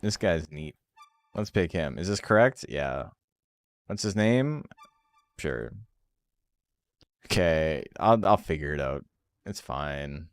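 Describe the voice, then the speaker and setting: A man's voice: extremely low pitch, expressive, slow pace, pauses often, dry recording. A man casually commentating a game stream, reading game text aloud with wry, offhand remarks.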